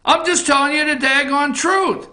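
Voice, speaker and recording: A man hosting a political opinion show from an office, ranting bluntly with swearing, repetition and frequent shouting. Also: very high-pitched, fairly even intonation, normal speed, roomy sound. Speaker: talk show host.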